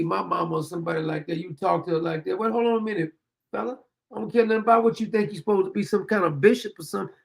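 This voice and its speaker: Gravelly high-voiced man ranting. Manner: animated, mocking, reads a statement aloud with asides. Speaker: host. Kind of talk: commentary on a news story.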